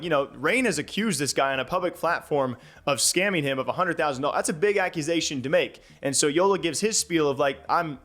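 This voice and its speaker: A man's voice: fairly high pitch, a bit bright. A man hosting a commentary channel, explaining an online dispute with frequent fillers. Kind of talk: drama recap commentary.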